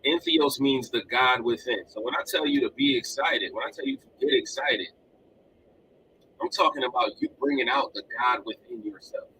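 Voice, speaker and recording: A man's voice: mid-range voice, normal speed, slight background noise, rough recording. A man hosting a live motivational podcast, talking energetically and repeating himself for emphasis. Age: adult with children. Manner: energetic, repetitive, animated delivery. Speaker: podcast host. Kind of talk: motivational live-stream talk. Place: home room with collectibles behind him.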